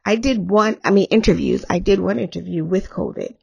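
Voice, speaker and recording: Hoarse, gravelly woman podcaster. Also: medium pitch, a little fast, a little mellow, dull audio. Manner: candid, rambling, laughs often. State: hoarse after illness. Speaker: podcast host. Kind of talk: candid solo podcast talk.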